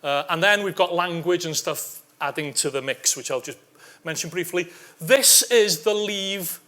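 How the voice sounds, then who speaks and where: A man's voice: a little high, expressive, moderate pace, bright, forceful tone. A man presenting survey data at a conference, dropping wry asides and often checking in with "okay?". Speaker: academic conference speaker.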